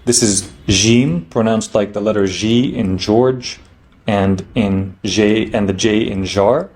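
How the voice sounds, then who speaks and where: A man teaching a language lesson, explaining each letter patiently, checking in with "okay?" and slowing down to model the sounds. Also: on the low side, steady tone, darkish tone. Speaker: Arabic teacher.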